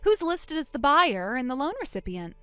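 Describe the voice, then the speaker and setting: A woman voicing a calm, vengeful young woman who coldly springs a trap on her sister in a text-story drama. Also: high voice, moderate pace, no echo, soft background music, full character voice. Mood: cold triumph. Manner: cool, quiet, coldly sarcastic.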